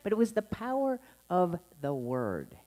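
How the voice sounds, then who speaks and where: This woman minister delivers her Sunday sermon at church, for both a live and an online congregation, at an unhurried pace. Her low, mellow voice swoops lively up and down as she chats playfully, animatedly acting out scolding tones and laughing.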